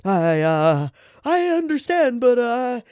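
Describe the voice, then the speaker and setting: A man doing a squeaky, timid young guard. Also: sing-song, slow, a little mellow, clear, resonant tone, no room sound, clean studio sound, full character voice. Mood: nervous. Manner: squeaky and stammering. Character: nervous young male prison guard, timid and dithering. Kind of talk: dramatic manga read-aloud.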